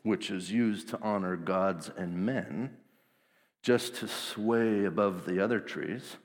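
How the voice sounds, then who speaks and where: A man's voice: fairly low pitch, slow, voice pushed down. A man voicing a proud olive tree that turns down a crown, in a huffy, mock-dignified way. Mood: indignant. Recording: long hall reverb.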